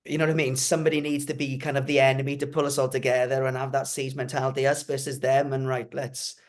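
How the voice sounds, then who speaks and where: A man's voice: medium pitch, level tone, fast talker. A man on a podcast panel, giving thoughtful, opinionated takes and hedging with "I think". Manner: reflective, opinionated, hedges with "I think". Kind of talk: casual podcast chat.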